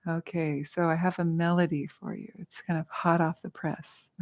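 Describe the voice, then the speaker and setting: A woman's voice: fairly low pitch, little pitch movement, moderate pace, darkish tone. A middle-aged woman leading a mantra class, explaining with casual humor and easy laughter. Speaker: meditation teacher. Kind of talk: guided mantra teaching. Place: studio.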